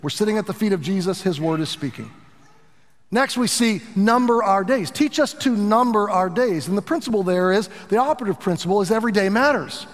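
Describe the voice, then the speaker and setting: A middle-aged pastor preaching a sermon in an earnest, animated way, with asides to his congregation. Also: high voice, a little fast, big-room sound.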